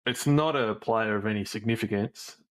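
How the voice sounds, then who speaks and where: A man's voice: fairly low pitch, moderate pace. A man co-hosting a podcast in casual chat, easygoing and explaining at length. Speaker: podcast co-host.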